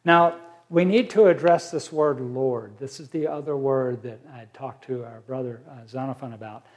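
A man teaching a Bible study, reading verses aloud and explaining them slowly with fillers. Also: mid-range voice, a little mellow.

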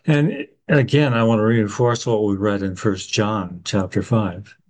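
Steady man explaining Bible verses. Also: lowish voice, measured pace, low-quality recording. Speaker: co-host of a Bible discussion. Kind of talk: conversational Bible study.

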